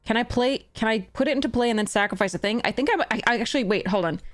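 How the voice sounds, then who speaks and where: A young woman talks through a card game on her livestream, her slightly high voice full of frustration. She swears and laughs in exasperation as the game goes against her. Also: rapid-fire, faint music behind. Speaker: streamer.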